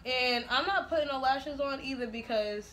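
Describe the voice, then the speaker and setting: Brash, bright-voiced woman vlogger. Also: sits high, moderate pace, a faint crowd. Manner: brash, profane and laughing. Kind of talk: casual get-ready-with-me chat. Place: at home, making dinner while filming.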